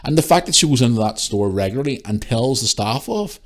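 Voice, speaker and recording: A man telling a story on his own podcast in a loose, heated rant. His pitch swings widely and jumps high on exclamations. He swears constantly and sounds exasperated throughout. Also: animated, brisk. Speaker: podcast host.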